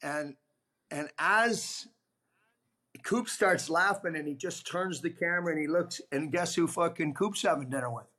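A man's voice: fairly high pitch, moderate pace. A middle-aged man, a former pro hockey player, telling casual, profane anecdotes on a podcast and acting out the people in them. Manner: profane, animated anecdotes with quoted voices.

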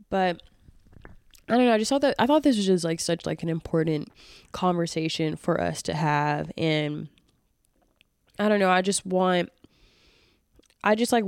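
A woman's voice: fairly low pitch, darkish tone, clean tone, no echo, clean studio sound. A woman, hosting a solo podcast and speaking earnestly and emotionally, with lots of fillers and restarts. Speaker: podcast host.

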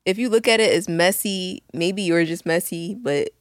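A young woman with a Philadelphia accent, co-hosting a podcast in blunt, laughing, animated casual chat. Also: lowish voice, normal speed. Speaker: podcast co-host.

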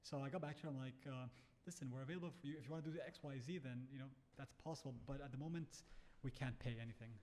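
Fast-talking animated man telling a story. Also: medium pitch, slight background noise. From Bahrain. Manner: animated storyteller, acts out quotes, swears. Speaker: startup founder guest. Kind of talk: casual storytelling chat.

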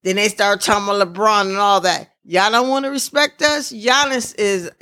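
Excitable, bright-voiced podcast host. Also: mid-range voice, moderate pace. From US Midwest. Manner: excitable, rambling, celebratory. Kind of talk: casual podcast chat.

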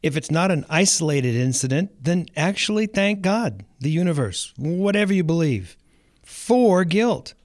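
A middle-aged man hosting a podcast, delivering a lively scripted monologue full of rhetorical questions to the listener. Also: a little high, a little slow, dry recording, studio quality. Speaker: podcast host.

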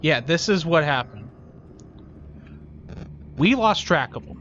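A man's voice: a little high, animated, slow, a bit bright, muffled recording, slight background noise. A man playing a tabletop game in character, emphatic and swearing. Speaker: player. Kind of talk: in-character tabletop role-play.

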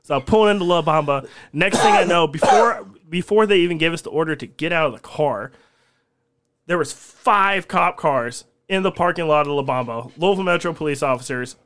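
A man's voice: a little high, a little fast, a bit bright. Profane man telling a story. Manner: rambling, profane and laughing as he tells stories. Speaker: guest. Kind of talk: casual storytelling on a podcast.

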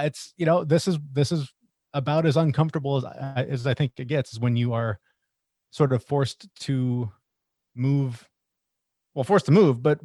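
A middle-aged man co-hosting a podcast, talking in an earnest, reflective way as he thinks out loud in casual conversation. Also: medium pitch, no echo, studio quality. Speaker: podcast co-host.

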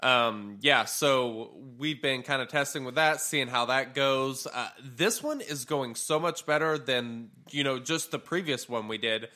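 A man co-hosting a gaming podcast, talking in a relaxed, rambling way with plenty of fillers. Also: mid-range voice, a little slow, hardly any pauses. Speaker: podcast co-host. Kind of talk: casual gaming podcast chat.

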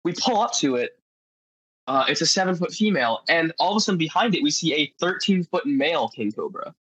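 A podcast guest tells adventure stories in a casual, rambling way, packing his speech with "like" as filler. His voice is husky, on the high side, and fairly quick, and he's an animated storyteller. The recording is low-quality, with no room sound.

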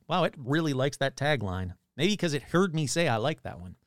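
A man's voice: fairly high pitch, big pitch swings, a little fast, few pauses, no room sound, studio quality. A man hosting a paranormal show, reading AI-written scripts aloud and commenting wryly as he goes. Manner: wry, self-interrupting, amused.

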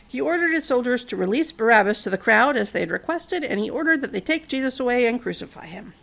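A woman's voice: on the high side, expressive, fast talker, creaky, fairly bright tone. A woman casually retelling a Bible story, mixing narration with chatty, wry asides and fillers.

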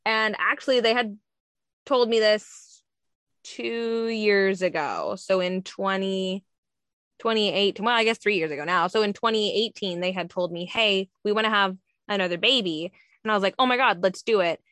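A woman's voice: mid-range voice, normal speed, fairly bright tone, no echo. A woman talking casually about being a surrogate. She laughs often and acts out what other people said. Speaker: surrogate mother telling her story. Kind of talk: casual storytelling chat.

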